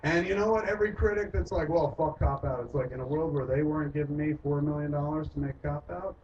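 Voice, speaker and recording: A man's voice: fairly high pitch, fast talker. A man, a filmmaker, telling stories in casual, profane talk, swearing often and acting out the voices of people he quotes. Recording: distant muffled recording with loud noise.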